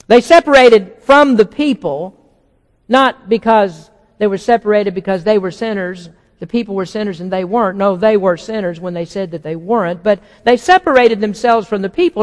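High-voiced pastor guy preaching, earnest, gets emphatic, long church-hall echo. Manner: earnest, builds to emphatic declarations. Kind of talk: sermon. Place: church sanctuary.

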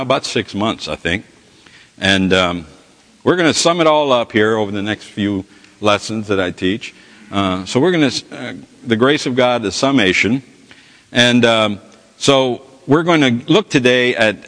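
A man teaching a Bible study lesson in a folksy, halting way with many restarts. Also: lowish voice, fairly bright tone, in a large hall.

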